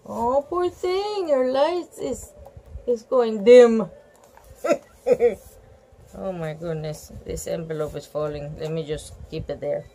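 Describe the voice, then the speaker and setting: A woman's voice: mid-range voice, slow pace, pauses often, warm tone, low-quality recording. A woman reading a picture book aloud, gasping and exclaiming over the pictures with chatty asides. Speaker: storybook reader.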